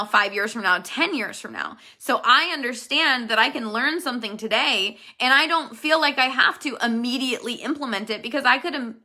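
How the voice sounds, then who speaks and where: Bright-voiced woman coaching her sales team. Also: fairly high pitch. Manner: earnest, direct, addresses viewers as "you guys". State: emotional, near tears at times. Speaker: network marketing team leader. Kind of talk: motivational video talk to her team.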